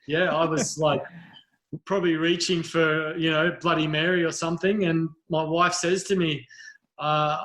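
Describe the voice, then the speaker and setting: An Australian man in middle age tells his story in a loose, self-mocking ramble, often stopping to restart a sentence. His voice sits a little higher than most men's. It comes across as casual conversation with a podcast host. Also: level tone, moderate pace, fairly bright tone. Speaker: guest.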